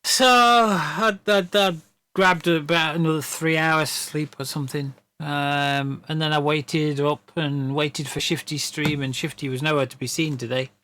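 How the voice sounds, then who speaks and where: A man's voice: on the high side, fairly even intonation, unhurried, pushed and bright. A man, a streamer rambling through a story in casual chat, stammering and laughing often.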